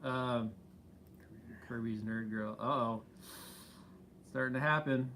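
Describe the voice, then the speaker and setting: A man's voice: medium pitch, fairly even intonation, slow, sharp tone. Easygoing rambling man, faint hum. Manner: rambling, easygoing, many fillers. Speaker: channel co-host. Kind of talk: casual live-stream chat.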